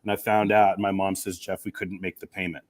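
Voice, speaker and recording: A middle-aged man speaks on a video call from a campus room. His voice sits a little low and he talks fast, earnest and emotional, and he grows animated as he tells his story. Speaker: guest, communication professor and coach. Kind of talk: storytelling in an interview.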